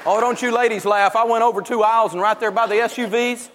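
A middle-aged man giving a humorous, animated finance lecture to a live audience in a large echoing hall. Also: very high voice, quick pace, over a noisy crowd, very noisy. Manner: animated storyteller. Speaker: financial teacher. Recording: long echo of a large hall.

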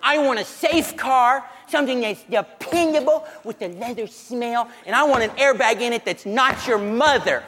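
A man voicing a cautious woman wanting a safe, dependable car, slow and earnest, recorded in a large echoing hall. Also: very high voice, fairly bright tone, a faint crowd, a little hiss or hum, pitched above the performer's own voice. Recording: long echo of a large hall.

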